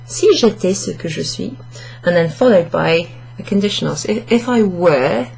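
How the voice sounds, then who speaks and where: A woman on the low side of the pitch range speaks at normal speed, her darkish voice carrying vocal fry and a breathy edge. Facing the camera indoors under a hot studio light, she gives an online French lesson, going step by step and correcting herself aloud.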